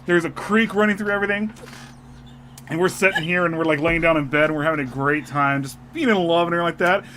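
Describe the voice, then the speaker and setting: A man's voice: a little high, fast, slight background noise. A man co-hosting a podcast, telling a story in casual chat and laughing often. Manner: animated storyteller, laughs a lot. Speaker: podcast co-host.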